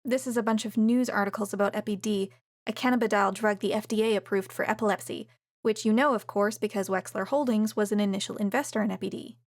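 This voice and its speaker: A woman's voice: medium pitch, steady tone, fast, no room sound, lightly acted. A woman voicing a blunt, wry young female assistant who talks in a dry, offhand way.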